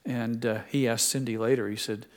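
An older man preaching a sermon, telling stories full of quotes and dropping his voice soft for emphasis. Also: medium pitch, steady tone, fairly quick. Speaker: pastor. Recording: long hall reverb.

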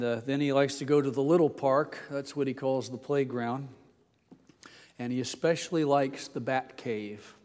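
An older male pastor giving a folksy sermon, reading scripture slowly and telling stories with many pauses and fillers. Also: mid-range voice, darkish tone, big-room sound. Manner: slow, deliberate scripture reading.

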